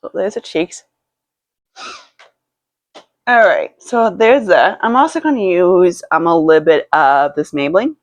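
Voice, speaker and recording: A woman's voice: lowish voice, animated, a little slow, pauses often, no room sound. Rambling, foul-mouthed woman vlogger. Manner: rambling, profane storytelling with many restarts. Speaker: beauty vlogger. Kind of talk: casual chat while doing makeup. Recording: dull lo-fi, dry sound.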